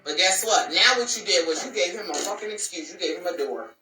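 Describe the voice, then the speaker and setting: A woman's voice: fairly low pitch, expressive, a little fast, sharp tone, recorded from a distance. A woman hosting a casual advice talk for women, sassy and emphatic, repeating lines for punch. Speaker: host giving relationship advice to women. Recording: roomy echo, voice a bit off mic.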